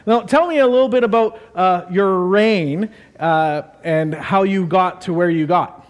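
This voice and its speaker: Brief: a jokey male pastor with a high voice, rambling casual sermon. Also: a little slow. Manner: jokey and rambling, many fillers.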